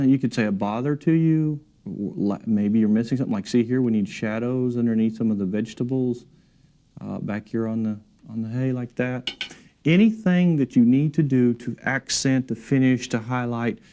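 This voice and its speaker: Mellow-voiced man teaching painting. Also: medium pitch. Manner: relaxed, encouraging, talks while working. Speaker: painting instructor. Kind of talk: painting demonstration. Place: art studio.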